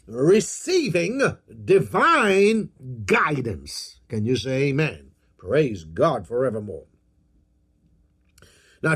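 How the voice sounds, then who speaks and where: Man, preacher, sermon, husky, lively rising and falling pitch, slow emphatic delivery, call-and-response. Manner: slow, emphatic, drawn-out phrases with repeated declarations.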